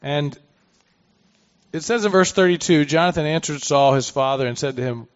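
A man's voice: a little high, normal speed. A man teaching through a Bible passage, reading verses aloud and commenting in a conversational way with asides. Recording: dull lo-fi recording.

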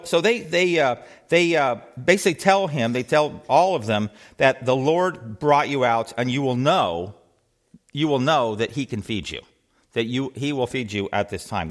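A man leading a Bible study, who asks the group questions, repeats himself and acts out the quoted lines. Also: mid-range voice. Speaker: Bible teacher.

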